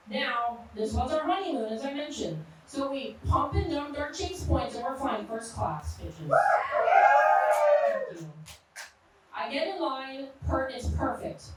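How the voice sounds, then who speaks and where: A woman's voice: sits high, heavy reverb, distant mic, slight background noise, rough recording. A woman in her thirties performing a brash, punchy stand-up set in a live comedy club. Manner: brash, punchy storytelling with crude jokes.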